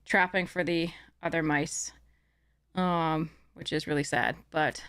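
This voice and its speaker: Smooth-voiced woman streamer chatting. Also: low voice, steady tone, measured pace, a bit bright. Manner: rambling, chatty, many fillers and restarts. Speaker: game streamer. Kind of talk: casual live-stream chat.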